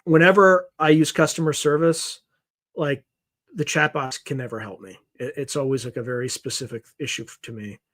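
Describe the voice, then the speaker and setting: A man hosting a livestream and reading out viewer comments, talking fast and animated on extra caffeine. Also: medium pitch. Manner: wired on caffeine, rapid and animated. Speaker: livestream host.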